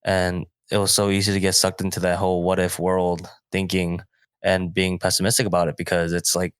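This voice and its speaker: A man co-hosting a podcast in casual chat, easygoing and agreeable, quick to laugh. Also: deep voice, little pitch movement, fairly bright tone, dry recording, studio quality. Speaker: podcast co-host.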